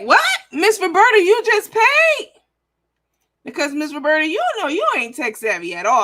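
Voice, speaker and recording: A brash woman hosting a livestream, swearing freely and addressing her viewers directly. Her voice sounds bright and sharp-edged. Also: on the high side. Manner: brash and profane, talks straight to viewers. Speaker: livestream host. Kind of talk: casual livestream chat.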